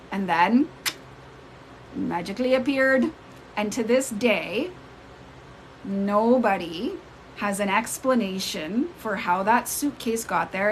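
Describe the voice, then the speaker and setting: A woman telling a personal story on a casual live stream. She retells it in an animated way and jumps up in pitch when she acts out the people in it. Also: a little hiss or hum, low-quality recording. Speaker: spiritual storyteller. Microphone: phone mic on a live stream.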